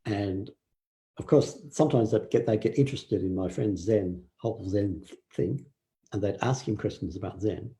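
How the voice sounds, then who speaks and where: An older man giving a relaxed dharma talk, telling stories with fillers and acted quotes. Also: fairly low pitch, normal speed. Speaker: meditation teacher.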